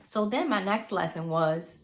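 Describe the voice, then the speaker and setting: A woman's voice: mid-range voice, lively intonation, measured pace, slight background noise. A mother talking earnestly in a loose, conversational monologue, sharing advice. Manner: earnest, conversational, speaks in loose repeating phrases.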